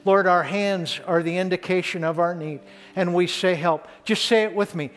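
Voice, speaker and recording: A man's voice: high voice, steady tone, normal speed, faint music behind. An older man preaching a sermon to a congregation, earnest and building to fervent emphasis on key lines. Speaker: pastor.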